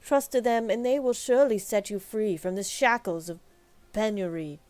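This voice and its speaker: A woman voicing a sly male priest who speaks in a slow, solemn, pious way in a game. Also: medium pitch, darkish tone, no echo, close to an everyday voice. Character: sly male priest, pleading when caught.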